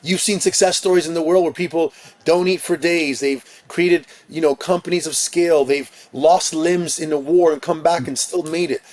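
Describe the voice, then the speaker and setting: Male fitness coach, upper-middle pitch, punchy and emphatic delivery on a podcast. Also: moderate pace, few pauses. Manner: energetic, emphatic listing of points. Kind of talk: podcast interview.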